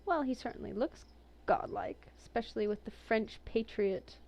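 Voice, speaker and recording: A woman's voice: fairly high pitch, moderate pace, a little mellow. A woman chatting casually and with amusement as she reviews a game collection, reading entries aloud between her own comments. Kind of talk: casual commentary while browsing.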